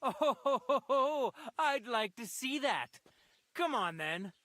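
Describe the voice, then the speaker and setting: An actor voicing a scornful, mocking village bully in a video game. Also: male voice, very high voice, sing-song, slow, bright, forceful tone, no room sound, heavily acted. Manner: mocking, taunting. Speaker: game character.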